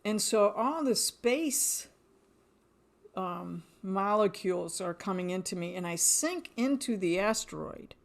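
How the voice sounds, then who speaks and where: A woman's voice: medium pitch, animated, measured pace, creaky. A middle-aged woman telling a story about a spiritual experience in casual chat, acting out dialogue and laughing often. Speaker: guest.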